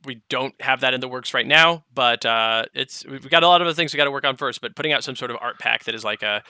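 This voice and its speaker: A man hosting a podcast, chatting casually and reading out listener letters, often trailing off quietly at the ends of phrases. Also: medium pitch, fast, few pauses, smooth, no room sound, studio quality. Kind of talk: casual chat.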